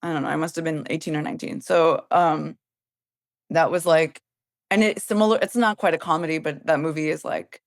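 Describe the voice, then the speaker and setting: Low-voiced woman chatting, dry sound. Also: fairly quick, gravelly, no room sound. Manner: thoughtful, searching for words. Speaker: comedian guest. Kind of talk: casual film chat.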